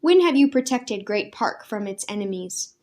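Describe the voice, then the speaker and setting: A grave male ranger commander speaks with stern, measured authority, as a woman storyteller puts him on. He delivers each reproach slowly and solemnly, in a mid-pitched voice, like a leader passing judgment in a storybook. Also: sing-song, a little mellow, natural voice.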